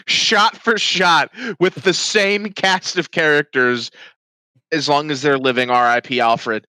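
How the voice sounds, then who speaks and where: A man's voice: a little high, takes it slowly, bright, forceful tone, clear, resonant tone, dry recording. A man co-hosting a podcast in casual, joking chat who swears freely. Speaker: podcast co-host.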